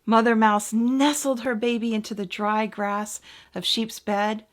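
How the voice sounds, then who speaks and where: A woman minister reading a children's story aloud to her congregation with expressive, gentle delivery. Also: a little high, measured pace.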